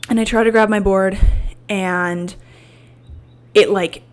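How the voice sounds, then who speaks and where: A woman's voice: mid-range voice, fairly even intonation, slow pace, clean tone. Young woman podcaster, rambly, says like a lot, swears, emotional and open. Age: 20s. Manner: rambling, filler-heavy with frequent "like" and swearing; emotional and candid. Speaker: podcast host. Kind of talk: casual personal storytelling.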